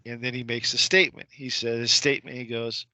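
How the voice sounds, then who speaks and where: Male radio guest, mid-pitched and bright, with a dry close sound. Emphatic storyteller who acts out the voices of the people in his story. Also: level tone, brisk, dry recording. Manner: retells courtroom scenes, imitating the judge's voice; emphatic, repeats points with rhetorical questions. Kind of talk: conversational storytelling on a radio show.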